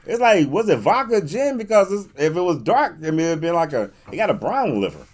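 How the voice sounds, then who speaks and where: A man in his forties hosting a talk radio show, telling rambling, animated stories and laughing often. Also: a little high, a little fast. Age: 40s. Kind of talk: casual talk radio chat.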